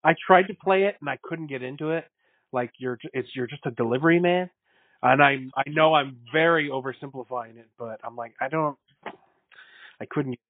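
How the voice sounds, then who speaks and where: A man co-hosts a casual podcast chat, telling stories with animation, acting out quotes, and breaking into bursts of laughter. His voice is mid-range at a normal speed, with no echo, and the recording sounds dry and narrow, like a phone.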